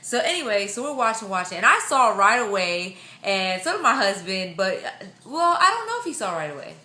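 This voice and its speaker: A young woman talks through a casual vlog update in a chatty, excitable way, slipping into voices as she quotes people. Her voice is bright and forward, and the room around her rings with echo. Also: medium pitch, fairly quick. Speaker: vlogger.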